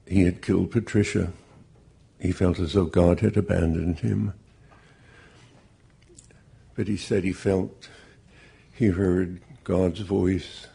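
A man with a very low, gravelly voice and a dark, husky tone tells his story. He speaks slowly, earnest and measured, like a grieving father giving testimony. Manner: slow, measured, deeply earnest.

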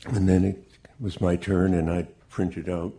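A bereaved father giving personal testimony, speaking in a slow, measured, deeply earnest way with a gravelly, husky voice. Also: little pitch movement, dark tone.

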